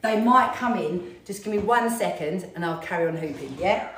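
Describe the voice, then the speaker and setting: A middle-aged woman talks in a loose, rambling way as a fitness instructor, keeping up the chat while she exercises. Her voice sits slightly low. It rings around a very echoey studio and is picked up from a distance. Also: normal speed. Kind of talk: casual chat while hula hooping.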